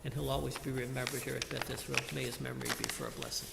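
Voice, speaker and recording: Gravelly man giving a eulogy. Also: mid-range voice, wildly swooping pitch, heavy background noise. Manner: measured, reflective, fond. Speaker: eulogist, lay service leader. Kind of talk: funeral eulogy. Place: large synagogue sanctuary. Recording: echoey hall with long reverb.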